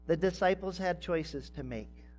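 A man preaching a sermon as pastor, speaking deliberately and building to emphatic, rising phrases. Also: sits high, a little mellow, a little hiss or hum.

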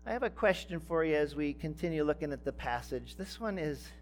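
A man preaching a sermon as pastor, speaking deliberately and building to emphatic, rising phrases. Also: fairly high pitch, expressive, faint music behind.

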